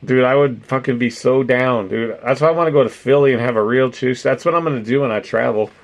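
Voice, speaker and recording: A man's voice: mid-range voice, fast talker. Laid-back, profane guy chatting. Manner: profane, rambling, laughs often. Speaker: streamer chatting with viewers. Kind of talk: casual livestream chat.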